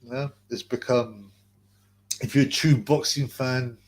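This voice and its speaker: A man's voice: medium pitch, steady tone, takes it slowly. A man hosting a casual livestream, reading out chat messages and rambling bluntly, swearing and calling viewers bro. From England.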